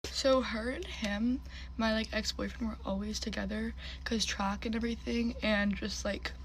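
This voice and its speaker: Gossipy young woman with vocal fry. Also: on the high side, steady tone, moderate pace, slight background noise, low-quality recording. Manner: gossipy, chatty, heavy fillers. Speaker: storyteller. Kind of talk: get-ready-with-me storytime vlog.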